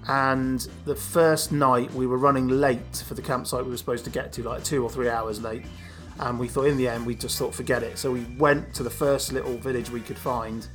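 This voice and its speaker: A man's voice: mid-range voice, steady tone, normal speed, few pauses, fairly bright tone. British guy podcast host, rambly chatty storytelling, faint music under. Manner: chatty, laughs easily, rambling asides. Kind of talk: casual chat, storytelling.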